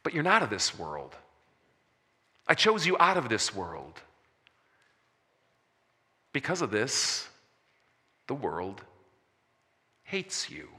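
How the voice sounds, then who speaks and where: A man preaching a sermon as a pastor, slowing for emphasis and dropping soft on key words. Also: medium pitch, huge pitch swings. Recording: long reverb of a large hall.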